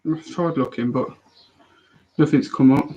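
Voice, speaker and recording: A young man chatting casually on a live stream, answering viewer questions in a rambling, animated way with frequent restarts. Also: mid-range voice, unhurried, husky, lo-fi sound.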